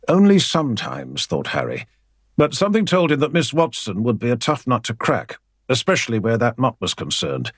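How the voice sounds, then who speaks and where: With a slightly husky, mid-range voice that swings up and down a great deal, this male narrator reads an audiobook in a wry, expressive style at a moderate pace. The sound is dry and close-miked, free of echo.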